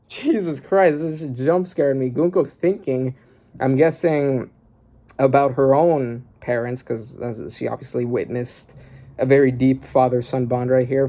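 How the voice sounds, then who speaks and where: A man reading through a manga chapter aloud and reacting, often bursting into loud exclamations and swearing. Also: mid-range voice, expressive, a little slow.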